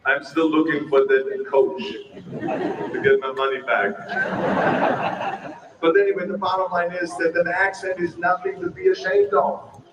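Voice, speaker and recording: A man's voice: on the high side, lively intonation, normal speed, long pauses, highs cut off, crowd noise. Older Austrian-accented man giving a speech. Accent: Austrian German. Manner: humorous, emphatic, self-deprecating. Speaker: keynote speaker. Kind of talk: public speech. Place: outdoor ceremony. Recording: echoey distant public-address sound with background noise.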